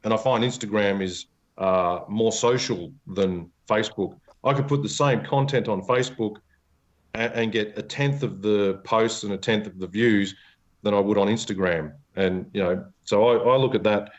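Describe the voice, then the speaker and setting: A man's voice: fairly low pitch, moderate pace. A man hosting a casual podcast chat, laughing often and swearing easily. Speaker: podcast host. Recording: dull lo-fi podcast recording.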